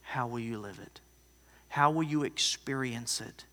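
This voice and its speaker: A man's voice: mid-range voice, unhurried. Male pastor preaching in an echoing hall. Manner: storytelling, swings from loud to hushed. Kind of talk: sermon. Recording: long hall reverb.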